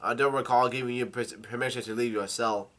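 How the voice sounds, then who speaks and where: A man reading the lines of a stern, cold aristocratic father aloud from a comic, in a flat voice with halting restarts. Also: medium pitch, lightly acted.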